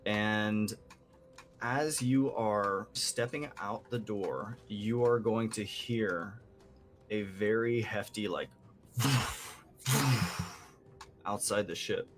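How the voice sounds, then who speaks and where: A man narrating as game master of a tabletop game, slow and rambling with many fillers. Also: on the low side.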